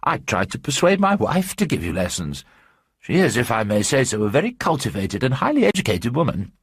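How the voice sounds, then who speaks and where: A man's voice: mid-range voice, wildly swooping pitch, a little fast, slightly rough, no echo, studio quality, full character voice. A man voicing a stout, talkative English journalist with an eager, ingratiating manner. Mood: persuasive. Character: stout chatty English journalist husband, middle-aged.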